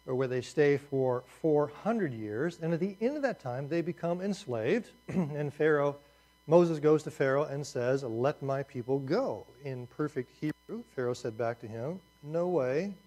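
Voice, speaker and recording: A man gives a lively, jokey lecture in a slightly high voice, throwing in asides as he walks his listeners through a map. He tells it like a story. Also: normal speed. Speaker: teacher. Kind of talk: Bible survey lecture.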